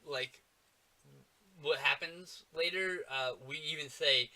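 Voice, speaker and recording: A man co-hosting a casual movie-review podcast, animated and swearing often, with lots of fillers. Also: a little high, moderate pace. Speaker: podcast co-host.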